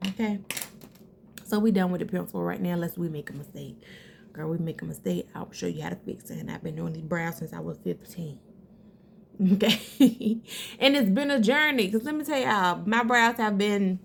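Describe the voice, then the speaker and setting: A woman's voice: on the low side, animated, moderate pace, gravelly. A woman talking viewers through her eyebrow routine in a casual, chatty way, calling them girl and sis. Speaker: beauty vlogger. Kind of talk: casual makeup tutorial.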